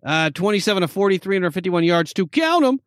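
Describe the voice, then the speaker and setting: Guy co-hosting a sports podcast, kinda high voice, rattles off stats fast, dry close mic. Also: very animated, dry recording. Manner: reads game stats in quick bursts, laughs often. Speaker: podcast co-host. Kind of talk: casual sports chat.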